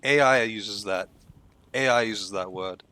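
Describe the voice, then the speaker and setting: A man's voice: fairly low pitch, measured pace, bright, forceful tone, no echo. A young Australian man chatting casually and rambling over a game he is playing, swearing freely. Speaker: streamer. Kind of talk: casual gameplay commentary.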